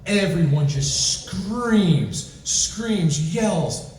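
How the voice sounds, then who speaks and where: A man's voice: sits high, very slow. Rambling man on a convention panel. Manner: rambling, excitable, many restarts. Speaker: panel guest. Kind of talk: convention Q&A storytelling. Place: large convention hall. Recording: roomy hall, distant mic, faint noise.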